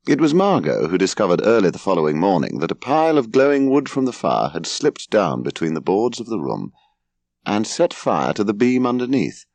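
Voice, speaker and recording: A man narrating a comic memoir audiobook in a wry, expressive manner. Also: lowish voice, a little fast, creaky, no echo. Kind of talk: scripted narration.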